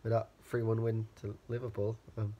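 This young man, a student vlogger with a cold, speaks flatly at a moderate pace in a fairly low, dark voice, and the highs in the audio are cut off. He sits in his student-house bedroom holding the camera, chatting aimlessly and swearing often.

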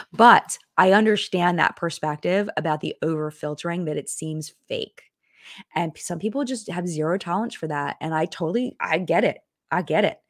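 A woman's voice: lowish voice, brisk, dry recording, studio quality. A young adult woman hosting a casual live-stream chat, talking in a chatty, rambling way with lots of fillers and restarts as she answers viewer comments.

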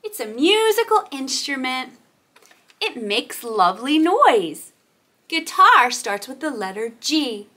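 A woman teaching letter sounds to toddlers, cooing and drawing out each sound. Her voice is high and bright, and her pitch rises and falls a lot. She speaks slowly and clearly, like a preschool teacher. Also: big pitch swings. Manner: sing-song, cooing, exaggerated letter sounds. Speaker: children's teacher and host. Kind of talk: toddler learning video.

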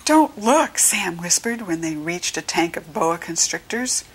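For young listeners, an American woman reads a storybook aloud slowly and distinctly, in a teaching style. Lines from the children are voiced with a brighter pitch.

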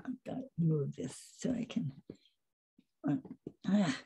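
An older woman casually telling stories over a slide show, animated, often laughing and trailing off mid-sentence. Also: fairly low pitch, slow pace, breathy edge. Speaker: animal trainer presenting photos.

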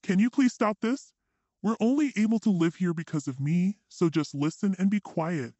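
A man's voice: high-pitched, big pitch swings, moderate pace, a little mellow, dry recording, highs cut off. A man voicing a domineering, impatient husband who speaks in curt demands.

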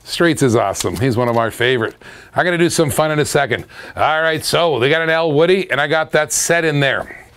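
A man's voice: on the high side, brisk, a bit bright, clear, resonant tone. Upbeat man calling a live toy auction. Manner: upbeat, hypes items, hums and scats between lots. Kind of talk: live-stream auction patter.

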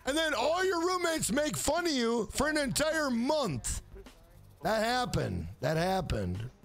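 Foul-mouthed guy streaming a game, high-pitched, bouncy delivery, chatting with viewers. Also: sing-song, measured pace, fairly bright tone. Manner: crude, rambling storytelling full of profanity; talks back to chat viewers by name. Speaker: live streamer. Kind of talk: casual chat while gaming on a live stream.

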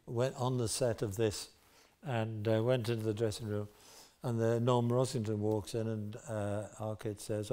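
An older man with a Liverpool accent spins lively anecdotes on a theatre stage. His voice is mellow and warm, his delivery animated, with plenty of asides to the audience. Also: lowish voice, moderate pace. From Liverpool, England. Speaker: guest storyteller.

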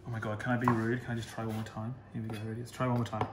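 An Australian chef gives a live cooking demonstration from a kitchen, chatty and self-deprecating, laughing at his own slips. His lowish voice has little pitch movement and comes out rapid-fire. The recording has a roomy echo and faint noise.

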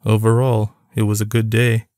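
A man narrating a novel chapter in a plain, even storytelling manner. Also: lowish voice, moderate pace, no echo, studio quality. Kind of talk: audiobook reading of a novel.

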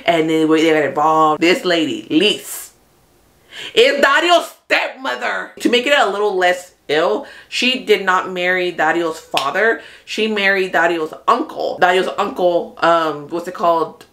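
A woman hosting a casual TV recap, talking in an animated, chatty way, swearing freely and acting out what the characters say. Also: lowish voice, a little slow. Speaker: host of a TV recap channel. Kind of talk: casual spoilery show recap.

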